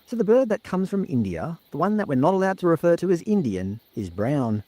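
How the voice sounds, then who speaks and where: A man's voice: on the high side, very animated, a little fast, mellow. A man narrating a scripted commentary video in a sardonic, mocking manner.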